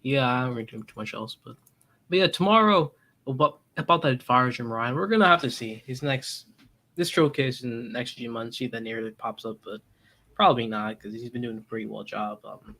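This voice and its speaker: A man's voice: mid-range voice, brisk, bright, forceful tone. A man on a gaming podcast, talking casually and hesitantly, repeating his words. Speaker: podcast guest. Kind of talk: casual chat.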